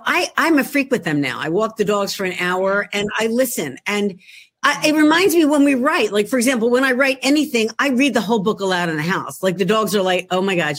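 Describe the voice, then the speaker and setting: A woman author with a Philadelphia accent, telling jokey, animated stories in a casual chat. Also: on the high side. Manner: jokey, animated storyteller, talks to herself. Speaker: author guest.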